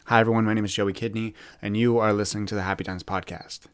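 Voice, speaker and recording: Young guy from canada rambling on his own podcast, kinda low voice, dry close sound, stumbles and repeats himself. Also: flat delivery, fast, no room sound. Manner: rambling, candid, repeats words when searching. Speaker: podcast host.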